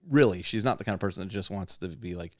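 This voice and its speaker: Low-voiced man rambling candidly on a podcast. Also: quick pace, no echo, studio quality. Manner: rambling, candid, laughs often. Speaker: podcast host. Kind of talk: casual hobby chat.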